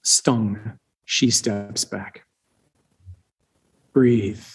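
A male preacher retelling a scripture story as a slow, dramatic sermon with long pauses. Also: a little high.

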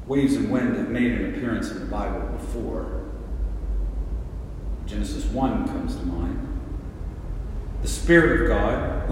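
A man preaching a sermon as pastor, deliberate and full of rhetorical questions and repeated words. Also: mid-range voice, a little hiss or hum. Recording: echoey hall from a distant mic.

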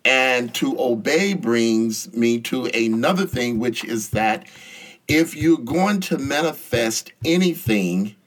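A man's voice: mid-range voice, lively intonation, takes it slowly. A man hosting a faith talk show, speaking earnestly in a preacherly way and addressing the audience directly. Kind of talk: casual faith talk, teaching.

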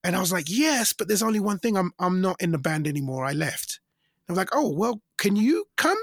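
A middle-aged man telling stories in a casual interview, animated and acting out the voices of people he quotes. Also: a little fast, gravelly, no room sound, clean studio sound. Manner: animated, acts out quoted voices with big pitch jumps. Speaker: singer and interview guest.

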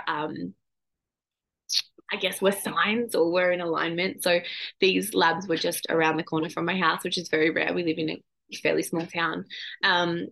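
Aussie woman chatting on her podcast, bit of vocal fry, wanders off topic a lot. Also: mid-range voice, a bit bright. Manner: chatty, digressive, self-aware, casual swearing. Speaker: podcast host and psychic medium. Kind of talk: casual solo podcast talk.

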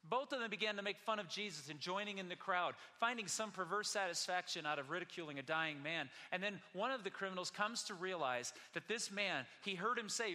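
A man preaching a sermon to his congregation, earnest, asking rhetorical questions and slowing down for emphasis. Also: high voice, animated, sharp tone, long reverb tail. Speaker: pastor.

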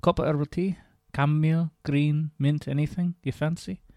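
Brisk no-nonsense Scottish older woman, a man doing the voice, dark tone. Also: a little high, steady tone, no room sound, natural voice. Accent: Scottish, put on.

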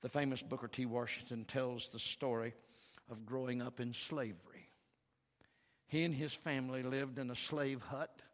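A man preaching a sermon as pastor, slow and emphatic, building to loud calls for the congregation to repeat after him. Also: medium pitch, fairly even intonation. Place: church sanctuary. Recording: reverberant church hall, faint guitar behind.

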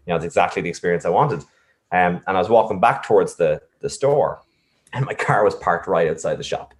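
A man's voice: deep voice, lively intonation, a little fast. A man reflectively telling a personal story, with many fillers and restarts. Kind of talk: casual storytelling.

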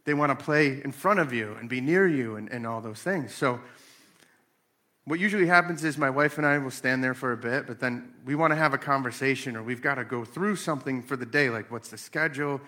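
A man's voice: medium pitch, a little fast. A man in his late thirties talking casually about faith and family, telling stories and acting out voices. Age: 30s. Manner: animated storytelling with acted-out voices.

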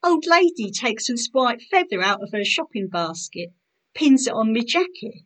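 A woman's voice: on the high side, big pitch swings, moderate pace, poor audio. A woman voicing a melancholic underage working-class boy soldier in a spoken poetry performance.

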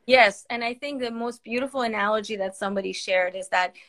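Holding back tears, this guest on an emotional live-stream conversation speaks with earnest passion, using lots of fillers and restarts. She's a physician from Iran who works in palliative care and podcasts, and her voice is high-leaning, a little fast and a bit bright.

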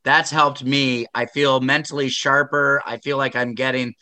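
A male host with a bright, forceful tone talks earnestly in a casual interview. His voice is close and dry, with a measured, reflective delivery. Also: medium pitch, flat delivery, dry recording. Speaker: podcast host.

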